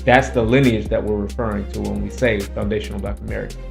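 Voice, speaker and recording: A man's voice: lowish voice, fairly even intonation, fast, gravelly, a little mellow, faint music behind. A man hosting his own commentary channel, arguing his points emphatically and repeating them for stress. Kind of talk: opinionated casual commentary.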